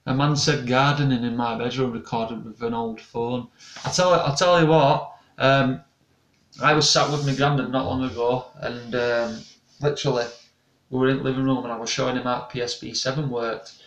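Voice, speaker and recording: A young man rambles through a casual live chat with his viewers. His voice has a gravelly edge. He sits back from the mic in an echoey room. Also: medium pitch, steady tone, normal speed, a bit bright, far from the mic. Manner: rambling, chatty, restarts often. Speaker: paranormal investigator and channel host. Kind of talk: casual live-stream chat reading comments.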